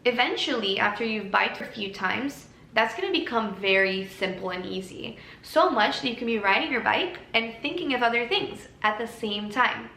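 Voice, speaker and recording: A woman giving a casual self-help talk to camera, earnest and gently encouraging. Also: fairly high pitch, expressive, normal speed, few pauses, roomy sound, slight background noise, poor audio. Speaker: lifestyle creator.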